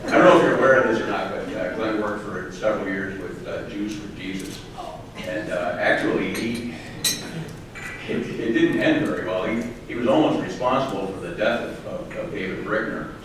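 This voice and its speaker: A man tells roast jokes to a crowd, stumbling through fillers and restarts as he builds each punchline. He sounds far from the mic in a very echoey hall, with a steady hiss under the recording. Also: low-pitched. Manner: halting delivery with many fillers and restarts. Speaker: roast speaker. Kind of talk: stand-up roast storytelling. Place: large hall with live audience.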